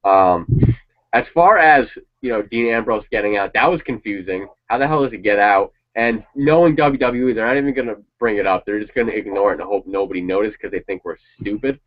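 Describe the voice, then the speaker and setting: A man's voice: on the low side, brisk. A man chatting casually and swearing now and then as he reacts to a wrestling show. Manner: rambling, opinionated, swears casually. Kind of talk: casual chat. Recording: dull lo-fi sound.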